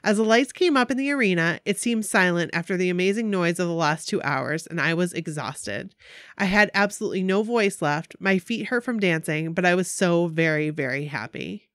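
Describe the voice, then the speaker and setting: A woman co-hosting a fan podcast, reading a story aloud and chatting in an excitable, emotional way. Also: on the low side, moderate pace, no room sound, studio quality. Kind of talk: casual chat and reading aloud.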